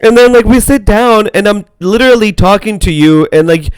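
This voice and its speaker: Congested man, clear and dry. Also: high voice, no room sound. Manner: chatty, rambling, quick to laugh. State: congested from a sinus infection. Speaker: podcast co-host. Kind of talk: casual chat.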